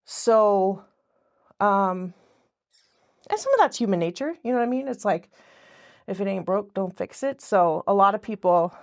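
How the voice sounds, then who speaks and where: A woman's voice: mid-range voice, animated, moderate pace, pauses often. A woman guest in casual podcast conversation, talking in a rambling way that often breaks off and restarts mid-sentence. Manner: rambling, self-interrupting, frequent restarts.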